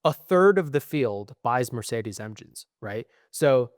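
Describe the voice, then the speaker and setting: A man's voice: mid-range voice, expressive, unhurried, smooth, no echo, clean studio sound. A young man co-hosting a podcast in casual chat, ranting in a profane, frustrated way. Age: young adult. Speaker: podcast co-host.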